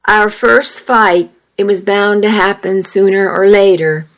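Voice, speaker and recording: A woman reading the lines of a grown man, a boyfriend who is moody at first and then tender, in a flat, unhurried way. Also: mid-range voice, close to an everyday voice. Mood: gentle.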